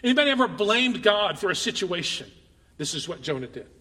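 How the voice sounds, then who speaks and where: A man preaching a sermon, reading scripture aloud and voicing its speakers with animated emphasis, asking the crowd questions. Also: high-pitched, brisk. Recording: long reverb of a large hall.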